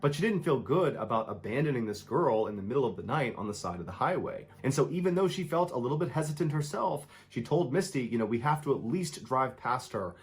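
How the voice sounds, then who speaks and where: A man's voice: medium pitch, sing-song, fast talker, hardly any pauses. Man narrating spooky true stories. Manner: dramatic storytelling, voicing the people in the story. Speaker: storyteller.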